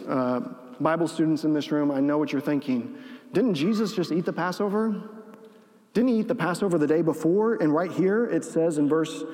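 A man preaching a sermon as pastor, animated, acting out the lines he quotes. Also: a little high. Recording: long reverb of a large hall.

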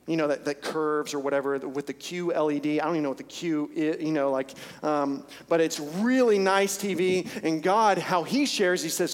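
During a service in a church sanctuary, a male pastor delivers an earnest, intense sermon with repeated phrases for emphasis. He speaks at normal speed with a fairly high pitch, under long church hall reverb.

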